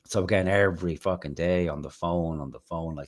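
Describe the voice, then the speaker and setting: A man's voice: low voice, a little fast. An Irish man hosting a live show, telling rambling anecdotes with plenty of swearing. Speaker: host. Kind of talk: casual live-stream chat, storytelling.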